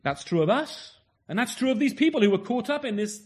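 A man with a high voice preaches a sermon to his listeners. His delivery is earnest, and he keeps turning statements into rhetorical tag questions. He often restarts and repeats words mid-thought. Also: sing-song, fairly quick.

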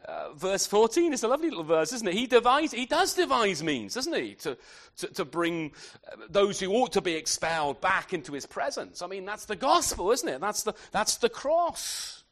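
A man's voice: high voice, big pitch swings, a bit bright. Tag-questioning man preaching a sermon. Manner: conversational, asks tag questions; halting restarts, repeated words. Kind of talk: expository sermon.

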